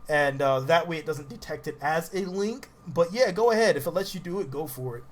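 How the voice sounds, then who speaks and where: Excitable high-voiced male game streamer. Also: a little fast. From Southern US. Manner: excitable, laughs often, greets chat viewers. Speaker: game livestreamer. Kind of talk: casual livestream commentary while playing.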